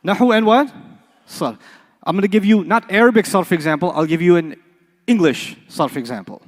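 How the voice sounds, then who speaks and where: In a large hall, a man with a high-pitched voice teaches an Arabic class at normal speed. He quizzes students through call-and-response questions and playful examples in a classroom lecture.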